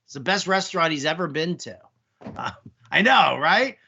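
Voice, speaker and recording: A man's voice: fairly high pitch, expressive, normal speed, gravelly, bright, forceful tone, husky, dull audio. A man co-hosting a podcast, chatting casually in a rambling, joking way full of fillers. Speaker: podcast co-host. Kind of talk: casual banter.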